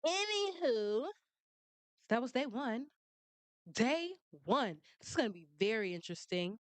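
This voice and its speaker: A woman's voice: fairly high pitch, sing-song, a little slow, no room sound. A woman giving blunt, sassy commentary on a trial, laughing often. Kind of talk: casual commentary.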